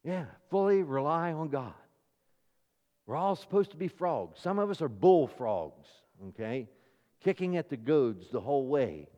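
A pastor preaches a sermon, his voice sitting a little high for a man. He pushes hard on key phrases, then falls back to quieter, confiding asides. A long hall reverb trails behind every line. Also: animated, unhurried, highs cut off. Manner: emphatic preaching with rising and falling intensity.

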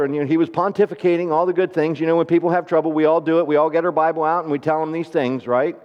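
Higher-voiced preacher in an echoing church. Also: male voice, flat delivery. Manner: rising to emphatic, then drops to soft and slow; conversational, asks the congregation questions. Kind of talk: sermon. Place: church hall. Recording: dull sound with long hall reverb.

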